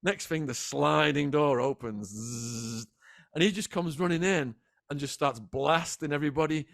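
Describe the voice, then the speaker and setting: A man guest in a sit-down interview, retelling events in an animated, dramatic way. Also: on the high side, moderate pace, vocal fry, no echo, studio quality. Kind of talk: vivid storytelling in a sit-down interview.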